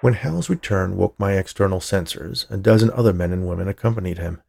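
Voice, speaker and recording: A man reading a story aloud in a dry, measured narrating manner. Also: deep voice, gravelly, background noise. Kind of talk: scripted narration.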